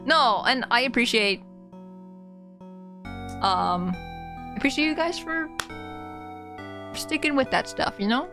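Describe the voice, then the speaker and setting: A woman's voice: high voice, lively intonation, slow, long pauses. A woman streamer in casual live chat with her viewers. She talks in a chatty, openly emotional way, straight to her chat. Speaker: game streamer. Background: faint game music.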